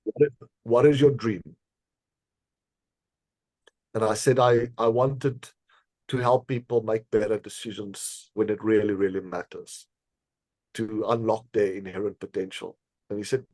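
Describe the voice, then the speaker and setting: A man being interviewed on a podcast, telling a personal story in an earnest, measured way, with frequent fillers and small laughs. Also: fairly low pitch, steady tone, darkish tone, no room sound. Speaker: podcast guest, decision scientist.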